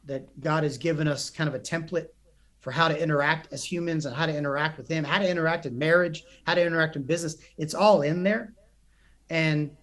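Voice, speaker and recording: A young man, a psychotherapist and coach, telling stories in a podcast interview with earnest energy and frequent restarts. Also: a little high. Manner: animated, earnest, many restarts.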